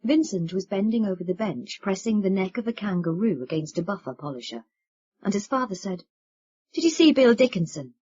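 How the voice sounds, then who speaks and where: Husky-voiced woman reading an audiobook. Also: medium pitch, expressive, fairly quick, a little mellow, lo-fi sound. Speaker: audiobook narrator. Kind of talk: audiobook narration.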